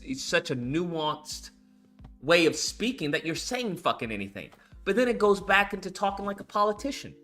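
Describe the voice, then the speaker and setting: A young man hosting his channel, ranting casually about marketing and hype, profane and animated, mocking people with put-on quotes. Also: a little high. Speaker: channel host. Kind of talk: casual commentary monologue.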